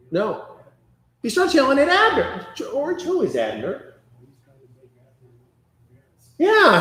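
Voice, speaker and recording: A man leading a conversational Bible study, chatty and animated, often acting out quotes. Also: very high voice, unhurried, pauses often. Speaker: Bible class teacher. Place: church classroom. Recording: echoey room.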